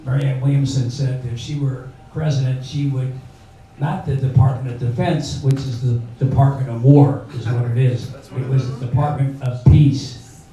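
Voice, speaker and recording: A man's voice: medium pitch, fairly even intonation, moderate pace, warm tone. A man in his late seventies hosting a comedy benefit on stage, in a rambling, folksy way full of fillers. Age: older. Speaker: emcee. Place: bar venue. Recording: echoey bar, far mic, crowd noise.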